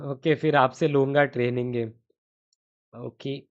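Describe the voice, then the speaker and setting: A man's voice: medium pitch, steady tone, rapid-fire. A young man with an Indian accent, streaming chess and thinking aloud through variations while he answers chat in a casual way. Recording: dull, muffled stream audio.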